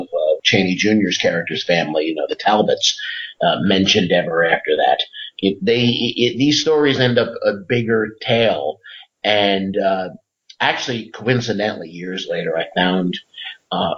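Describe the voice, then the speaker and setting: A man with a low voice talks as a podcast guest, eager and rambling, piling up uhs and restarts. The audio is muffled and lo-fi. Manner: rambling, enthusiastic storyteller with many fillers. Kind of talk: casual interview chat. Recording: dull lo-fi audio.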